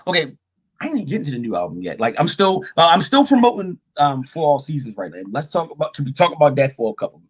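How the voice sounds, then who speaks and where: A man guesting as a rapper on a podcast, talking in a relaxed, loose way with many fillers. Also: fairly high pitch, fast talker, breathy edge, no room sound. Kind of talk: casual podcast chat.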